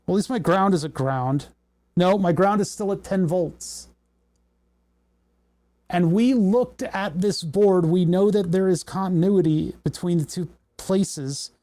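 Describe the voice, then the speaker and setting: Young guy on a livestream fixing a circuit, kinda high voice but mellow, mutters and cusses when stuff breaks. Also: unhurried. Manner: muttering, troubleshooting aloud, swearing in frustration. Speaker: livestream host. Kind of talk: casual livestream electronics tinkering.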